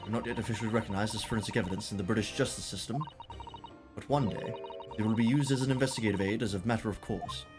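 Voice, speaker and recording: A man's voice: fairly low pitch, fast talker, over music, close to an everyday voice. A man doing a frosty woman scientist. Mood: frosty, curt. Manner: curt, frosty. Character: cold, aloof woman forensic scientist.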